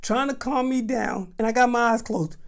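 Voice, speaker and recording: A young man tells a comic story in an animated, dramatic, exaggerated way. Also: extremely high pitch, normal speed, creaky. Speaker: vlogger.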